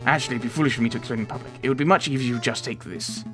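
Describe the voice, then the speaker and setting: A man voicing a secretive male gun dealer with a put-on accent that keeps slipping, hushed and pushy. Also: mid-range voice, racing, music in the background, natural voice. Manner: hushed and conspiratorial, snapping when impatient. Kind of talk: voicing game characters in a let's play.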